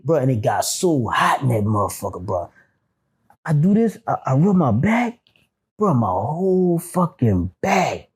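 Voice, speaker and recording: A man telling prison stories in a casual interview, animated and profane, acting out quotes. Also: fairly high pitch. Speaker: guest, former prisoner.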